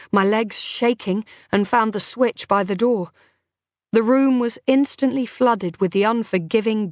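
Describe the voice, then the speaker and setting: Slow, dry-voiced woman narrating. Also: medium pitch, dry recording. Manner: tense, dramatic storytelling. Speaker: audiobook narrator. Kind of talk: first-person scripted narration.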